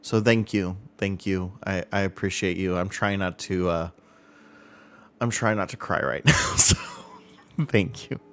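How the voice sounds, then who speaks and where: A man in his thirties chatting casually on a live stream, heartfelt and halting, with frequent fillers and restarts. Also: low voice, fairly even intonation.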